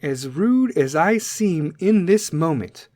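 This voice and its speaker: A man hosting a segment, ranting bluntly and aggressively at listeners and swearing constantly, his volume swinging between loud and soft. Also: on the high side, lively intonation, slow, no echo. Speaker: podcast segment host. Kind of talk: profane rant to listeners.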